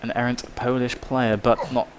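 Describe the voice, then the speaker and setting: Guy casting a game match live, gets loud and hyped on big plays, noisy stream audio. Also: mid-range voice, normal speed. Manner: excitable, shouts at big plays. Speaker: esports caster.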